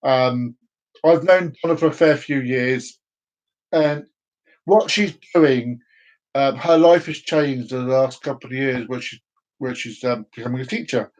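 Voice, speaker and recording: A man's voice: mid-range voice, measured pace, a little mellow, rough recording. A man talking in a rambling, teasing monologue for his video channel, with frequent restarts. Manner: teasing, chatty, many restarts. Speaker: vlogger.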